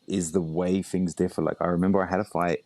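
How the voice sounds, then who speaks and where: A London-accented Englishman who is a bare knuckle fighter and coach rambles casually in an interview, sprinkling in "you know" and "bro." His voice is low-pitched, level, fast and a little mellow, with no room sound.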